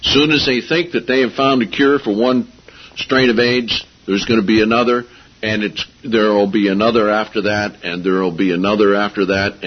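A man's voice: lowish voice, husky. A man preaching a sermon, talking casually with sarcasm and rising into emphatic outbursts. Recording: dull lo-fi audio.

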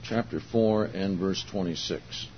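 An older man delivers a Bible-teaching sermon at an unhurried pace, lingering on words and punching the important ones. His voice sits at an ordinary pitch. The recording is dull and lo-fi, with a faint hiss underneath. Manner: slow, deliberate, emphatic on key words, with asides to the congregation. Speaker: preacher.

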